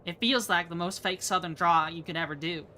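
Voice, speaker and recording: A woman's voice: fairly low pitch, fairly even intonation, fairly quick, bright, forceful tone, a little hiss or hum. A young woman streaming a game, chatting casually and rambling from topic to topic, laughing often. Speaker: VTuber streamer. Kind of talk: casual live-stream chat.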